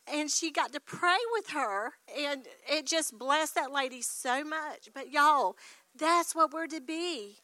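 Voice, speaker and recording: A woman telling an animated testimony story and acting out what people said. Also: sits high, measured pace, no echo. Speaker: congregation member sharing a testimony.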